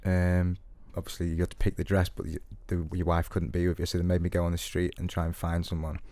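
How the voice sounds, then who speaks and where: A man with a fairly low voice co-hosting a podcast in relaxed, casual chat. He sounds hesitant and self-deprecating, often pausing on ums and trailing off. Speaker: podcast co-host.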